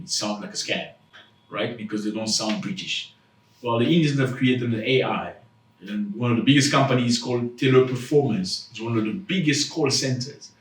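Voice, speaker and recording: Chatty male vlogger, roomy distant sound. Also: mid-range voice. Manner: chatty, animated, jokey, addresses viewers as fellas. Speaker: channel host. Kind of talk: commentary vlog.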